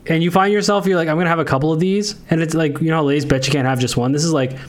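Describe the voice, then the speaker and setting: A man with a somewhat high voice co-hosts a casual podcast chat. He sounds relaxed and enthusiastic, often trailing off mid-sentence. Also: very fast. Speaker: podcast co-host.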